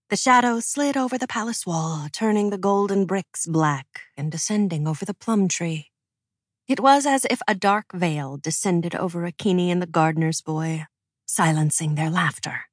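A woman narrating a fantasy story in a measured, expressive audiobook style. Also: lowish voice, no room sound, studio quality.

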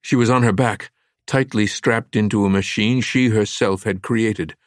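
A man narrating a thriller audiobook in a measured, dramatic way. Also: lowish voice, fairly even intonation, no room sound, clean studio sound. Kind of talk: scripted narration.

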